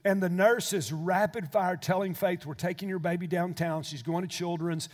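Older male pastor, high voice, sermon storytelling that builds to fervent preaching, long hall reverb. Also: steady tone, normal speed, darkish tone.

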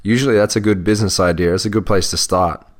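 A man's voice: lowish voice, steady tone, quick pace. An Australian man hosting a podcast, reading an ad and opening an interview in an upbeat, salesy way. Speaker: podcast host.

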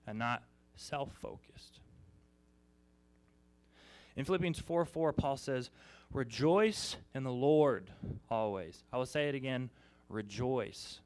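Chatty young man preaching a casual sermon. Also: mid-range voice. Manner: chatty, self-deprecating storyteller with many fillers. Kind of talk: casual sermon with personal story. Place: church service.

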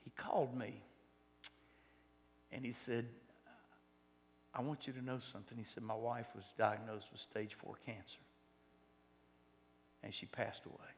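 Gravelly preacher man in a hall. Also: mid-range voice, little pitch movement, measured pace, long pauses, slight background noise. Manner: swings from loud exhortation to hushed near-whispers. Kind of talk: sermon testimony. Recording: long hall reverb.

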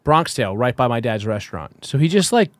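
A man's voice: medium pitch, sing-song, brisk, dry recording. Crude rambling man on a podcast. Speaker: podcast co-host. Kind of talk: casual chat.

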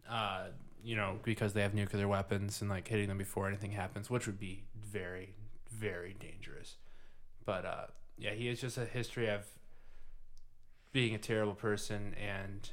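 A young man hosting a podcast, talking in a loose, halting way with many fillers and restarts. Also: on the low side, a bit bright. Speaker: podcast host. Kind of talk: casual chat.

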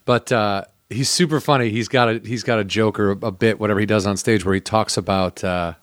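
A man's voice: on the low side, fairly even intonation, a little fast, no echo, studio quality. A man telling rambling comic stories in casual chat, acting out what other people said. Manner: rambling storyteller, acts out quotes.

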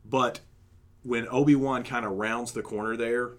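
A man's voice: medium pitch, fairly even intonation, unhurried, a bit bright. A man chatting casually as a podcast co-host, rambling with fillers and restarts. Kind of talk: casual movie ranking chat.

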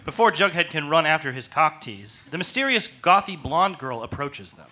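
A man's voice: fairly high pitch, big pitch swings, normal speed, sharp tone. Man reading wry stage directions. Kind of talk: comedic script narration.

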